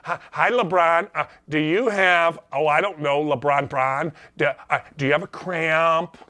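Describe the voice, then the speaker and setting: A man's voice: a little high, steady tone, unhurried, sharp tone, pitched below the performer's own voice. A man putting on a whiny pampered male basketball star, asking mocking questions.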